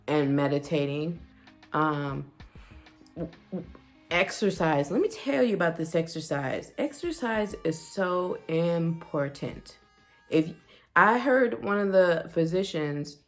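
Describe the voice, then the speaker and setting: Woman vlogger, unhurried and gravelly, chatty personal storytelling to camera with faint music underneath. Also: low-pitched. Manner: chatty, animated, with frequent fillers and quoted dialogue.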